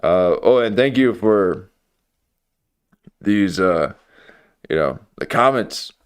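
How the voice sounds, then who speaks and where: Slow, smooth-voiced man hosting a stream. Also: low voice, lively intonation. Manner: joking, rambling, many fillers. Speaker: livestream watch-party host. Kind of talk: live reaction commentary.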